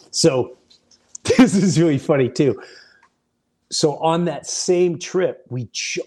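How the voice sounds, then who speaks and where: A man hosting a podcast, telling animated, rambling off-the-cuff stories that wander off on side paths. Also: on the high side, breathy edge. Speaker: podcast host, comedian. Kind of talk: off-the-cuff storytelling.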